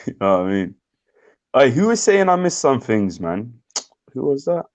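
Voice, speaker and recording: A man's voice: mid-range voice, sing-song, measured pace, lo-fi sound. A man with a Birmingham accent hosting a live stream in a casual, slangy, laid-back chat, often laughing. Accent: Birmingham English. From England.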